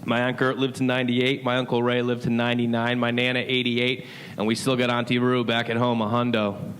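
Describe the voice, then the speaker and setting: A man telling a stand-up story, animated and chatty, often checking in with the crowd. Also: mid-range voice, a little fast, slight background noise. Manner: animated, keeps asking "you know what I mean". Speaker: stand-up comedian.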